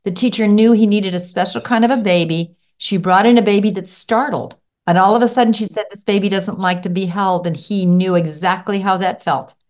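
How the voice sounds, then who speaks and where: A middle-aged woman who used to teach, a guest on a podcast interview, telling stories in a lively way and acting out what children said. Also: medium pitch, fairly quick, hardly any pauses. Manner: animated storyteller acting out children's voices. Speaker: guest author and former teacher.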